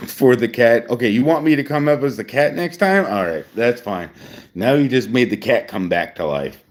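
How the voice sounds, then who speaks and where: With a few whiskeys in him and still drinking, this forties-aged man rambles on a live stream, repeating himself and chuckling a lot. His mid-range voice is expressive and moves at a moderate pace.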